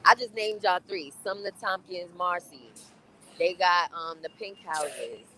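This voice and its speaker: A woman's voice: lowish voice, unhurried, sharp tone. A woman from New chatting casually on a phone live stream, reading viewer comments, her voice muffled by a mask. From New York. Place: on a city bus. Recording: noisy phone recording on a moving bus.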